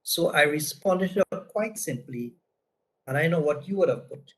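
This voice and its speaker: A man from Trinidad, his voice a little high and expressive, talks at a moderate pace over poor audio. His business lesson is built from casual stories, told conversationally with frequent "right?" tags.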